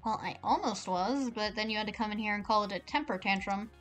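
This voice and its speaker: A woman's voice: mid-range voice, fairly quick, fairly bright tone, faint music behind, natural voice. A woman voicing a flustered young cafe worker who answers defensively, close to her own voice.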